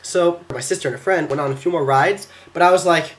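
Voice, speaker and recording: Fast-talking excitable teenage boy. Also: a little high, a little hiss or hum. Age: teens. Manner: fast, excitable, acts out quotes in silly voices. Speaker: exchange student vlogger. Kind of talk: casual storytelling vlog. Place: at home by his computer.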